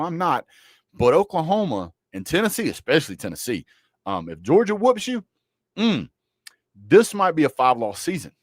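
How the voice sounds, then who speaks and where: A very animated man with a slightly high voice hosts a casual college football livestream at normal speed, no echo. He jokes and trash-talks teams and players bluntly, drawling his words in a Southern way.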